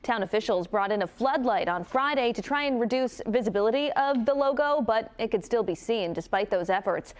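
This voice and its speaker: A woman news reporter reading a scripted news report in a crisp, even delivery. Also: on the high side, brisk, hardly any pauses.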